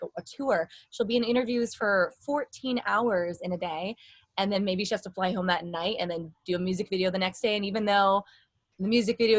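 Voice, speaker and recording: A woman's voice: mid-range voice, no room sound. Chatty woman vocal coach, dry close sound. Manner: chatty, demonstrative, rambling. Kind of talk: casual vocal lesson.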